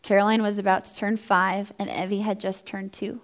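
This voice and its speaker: A woman's voice: medium pitch, little pitch movement, fairly quick. A woman in her thirties, founder of a ministry for first responder families, giving an earnest, heartfelt personal testimony. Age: 30s. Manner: earnest, heartfelt, acts out quoted dialogue.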